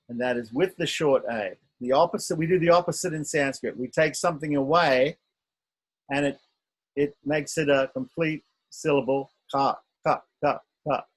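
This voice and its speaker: A man with a voice on the high side gives an online script lesson at an unhurried pace, patiently sounding out letters and frequently checking in with his students. The recording is rough.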